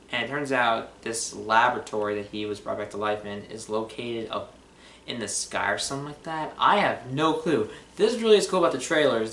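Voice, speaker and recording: A man's voice: medium pitch, a bit bright, a little hiss or hum. A man casually reviewing movie trailers, rambling with lots of fillers and restarts. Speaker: film reviewer. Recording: roomy echo.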